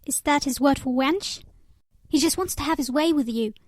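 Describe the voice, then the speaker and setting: A woman's voice: high-pitched, moderate pace, no room sound, clean studio sound, close to an everyday voice. A woman voicing an angry young male stableman who growls and mocks, in a read-aloud novel. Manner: bitter, growling, mocking.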